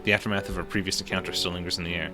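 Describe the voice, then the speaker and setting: A man's voice: sits low, little pitch movement, very fast, creaky. A male streamer reading a visual novel aloud in plain narration, adding his own reactions now and then. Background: music.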